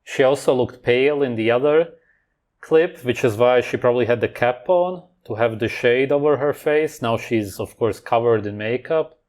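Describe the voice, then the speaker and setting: A man's voice: mid-range voice, normal speed, darkish tone. A man hosting a reaction video, talking over clips with scornful, sarcastic commentary.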